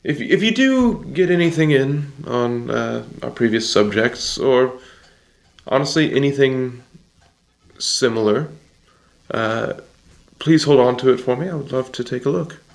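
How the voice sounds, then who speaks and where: A man's voice: mid-range voice, measured pace, vocal fry. A man playing a tabletop game, talking casually in a rambling, hesitant way with many restarts. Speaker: player. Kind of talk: casual tabletop role-play.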